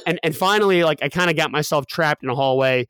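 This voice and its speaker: A man's voice: fairly high pitch, quick pace, fairly bright tone, smooth, no echo, clean studio sound. A young man telling a personal story as a guest, candid and full of fillers and restarts.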